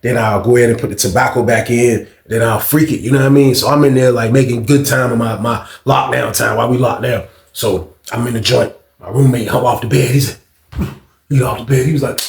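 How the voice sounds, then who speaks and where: Speaking briskly in a gravelly, mid-range voice, a man tells his viewers a laid-back story in an echoey room. His slangy, animated delivery includes raised voices whenever he acts out others' words.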